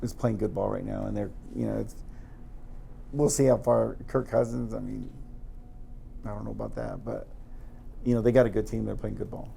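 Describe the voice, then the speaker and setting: Gravelly, dark-voiced sports co-host, a man. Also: fairly low pitch, lively intonation, a little hiss or hum. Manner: halting, full of restarts and "you know". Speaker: podcast co-host. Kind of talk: casual sports chat.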